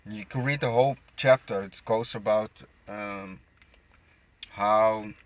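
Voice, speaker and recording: A man's voice: on the low side, slow. A man reading scripture aloud and commenting on it, stumbling over words and adding mocking asides. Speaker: bible teacher. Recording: close dry phone screen recording.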